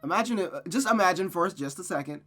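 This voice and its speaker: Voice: mid-range voice, expressive, fast, fairly bright tone, faint music behind. Chatty visual novel reader. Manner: chatty, self-correcting, wry asides. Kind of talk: reading a game aloud with running commentary.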